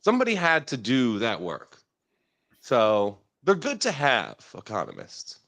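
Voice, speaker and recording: A man's voice: mid-range voice, measured pace. A man who works as a market strategist, trading wry jokes with his co-host on a casual market show. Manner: lively, wry banter.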